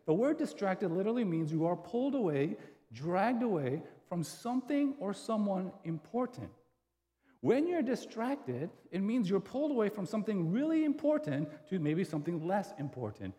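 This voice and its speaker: A man's voice: high-pitched, dark tone. A man preaching a sermon in a conversational way, asking his listeners rhetorical questions. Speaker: pastor. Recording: hall reverb.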